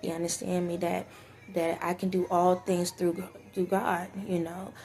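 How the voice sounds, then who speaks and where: A woman speaking earnestly in a personal vlog, tearful and halting. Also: on the low side, level tone, creaky, a little mellow. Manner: tearful, earnest, faith-filled, halting with restarts. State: teary, sniffly. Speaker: vlogger. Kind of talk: emotional personal talk to camera.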